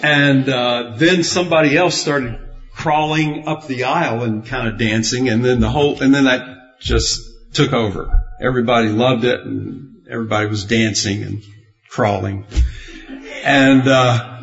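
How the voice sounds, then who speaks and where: Male pastor, unhurried folksy sermon delivery with chuckles, lo-fi sound. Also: medium pitch, creaky, a bit bright, faint music behind. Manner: rambling, good-humored storytelling with chuckles. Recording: dull, muffled lo-fi sound.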